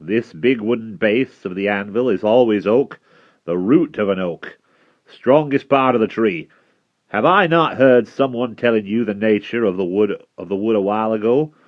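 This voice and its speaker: A man voicing a hearty male village blacksmith, explaining his craft in a cheery, warm way in a storybook reading. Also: lowish voice, moderate pace, pitched above the performer's own voice, close to an everyday voice. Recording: dry, slightly dull recording.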